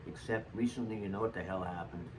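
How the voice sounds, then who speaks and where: A man's voice: low-pitched, steady tone, quick pace. Older man rambling through old stories. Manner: chatty, jokey and digressive. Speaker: vlogger sharing saved ticket stubs. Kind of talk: rambling personal storytelling. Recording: distant mic with faint background noise.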